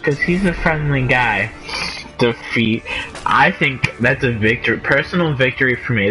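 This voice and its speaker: A man's voice: medium pitch, normal speed, low-quality recording. A drunk man with a Canadian accent, rambling and giggling through casual chat while playing a game. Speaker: gamer streaming with friends.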